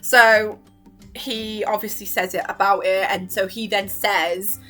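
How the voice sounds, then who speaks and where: A young woman rambling excitedly about a TV series, giggling often and acting out the characters' lines, her voice a little worn. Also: medium pitch, measured pace, soft background music. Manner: gushing, giggly, lots of fillers and quoted reactions. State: voice worn, partly lost. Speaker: vlogger reviewing a TV series.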